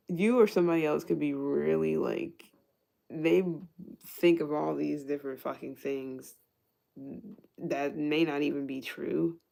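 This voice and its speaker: A woman's voice: low-pitched, vocal fry, dark tone. A woman giving a casual tarot reading who thinks aloud, restarts her sentences, swears freely and laughs often. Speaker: tarot reader.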